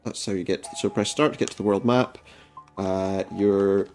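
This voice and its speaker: A man doing casual gameplay commentary, reading the game's dialogue aloud in a flat voice with dry, jokey asides. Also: low-pitched, moderate pace. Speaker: let's play commentator.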